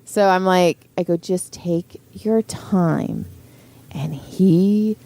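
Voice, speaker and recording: A woman's voice: fairly low pitch, very slow, mellow. A middle-aged woman, co-hosting a podcast and telling a story in casual chat, acting out quotes and swearing freely. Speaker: podcast co-host.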